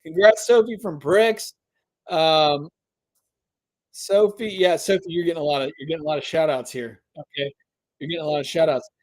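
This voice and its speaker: Running a live stream giveaway, this man talks to his chat and stretches the suspense with plenty of hype. His voice is fairly high and a little mellow, at a moderate pace.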